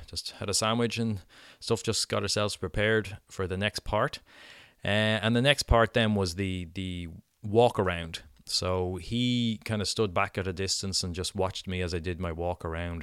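Irish guy chatting on his podcast, deep smooth voice, dry close sound, lots of "you know"s. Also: no room sound. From Ireland. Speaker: podcast host. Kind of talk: casual storytelling monologue.

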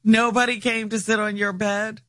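A man's voice: high voice, little pitch movement, normal speed, sharp tone, no echo, studio quality. A man co-hosting a casual chat, mostly adding short reactions and questions.

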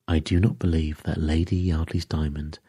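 A vain, proud film actress, haughty and dismissive, put on by a man reading a story. She speaks quietly in a low, husky voice. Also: little pitch movement, moderate pace.

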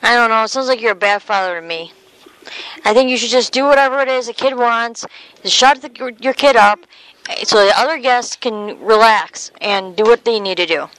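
A woman's voice: fairly high pitch, normal speed, a bit bright, lightly acted. A woman playing a rude, insulting hotel desk manager on a prank phone call, blunt and condescending.

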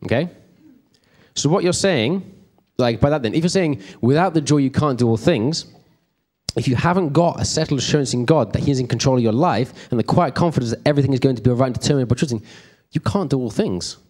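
A man's voice: medium pitch, lively intonation, quick pace, a little mellow. A man teaches a church group in an easy, conversational way. He rambles off on side stories and keeps checking in with his listeners. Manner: chatty, rambling, checks in with the room. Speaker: preacher.

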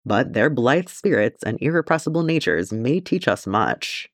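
A steady male ranger king, read by a man in an audiobook talks calmly and thoughtfully with a dry wit. The pitch moves about a lot. The sound is close and dry. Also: normal speed, no room sound. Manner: calm and thoughtful. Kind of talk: audiobook character reading.

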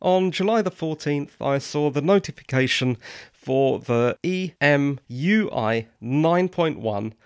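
A man's voice: fairly high pitch, animated, slow pace, clear, resonant tone, no room sound, clean studio sound. A man hosting a solo podcast, giving opinionated, wry and dryly sarcastic commentary. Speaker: podcast host.

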